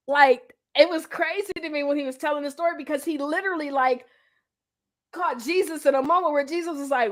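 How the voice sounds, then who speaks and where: A woman hosting a livestream, telling a story in an animated way and talking to viewers as y'all. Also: high voice, normal speed. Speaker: host. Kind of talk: livestream talk.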